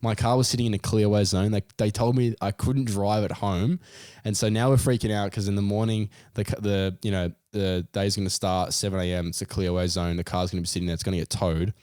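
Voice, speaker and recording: A young Australian man casually telling a story on a podcast, animated, his voice jumping high as he retells his panic. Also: fairly quick, clean tone, no room sound, clean studio sound. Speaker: podcast co-host.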